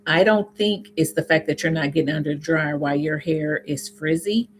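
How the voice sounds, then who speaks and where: A woman with a Southern US accent, chatting casually with viewers on a live stream, reading comments aloud and answering them with sudden high, laughing exclamations. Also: normal speed, slight background noise. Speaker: YouTube host answering live chat.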